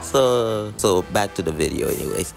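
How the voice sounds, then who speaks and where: Casual: low gravelly guy riffing on an anime, swearing a lot, slangy jokes, soft music underneath. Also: lively intonation, normal speed. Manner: profane, slangy, joking. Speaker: anime recap commentator. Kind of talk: casual comedic commentary.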